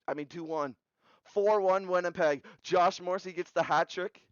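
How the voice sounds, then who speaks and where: A young man with a fairly high, smooth, slightly bright voice recaps simulated hockey playoffs at a moderate pace, firing off scores in short bursts as a video game simulation commentator. His energy jumps at big goals. The audio is close, dry, slightly dull and lo-fi, with no room sound.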